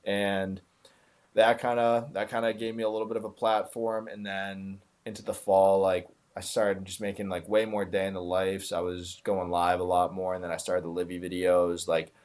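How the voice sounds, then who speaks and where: A man's voice: deep voice, little pitch movement, moderate pace, darkish tone. A young man talking casually as a podcast guest over a remote call, laid-back, with lots of fillers. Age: young adult. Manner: laid-back, filler-heavy, self-described sarcastic. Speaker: guest, content creator.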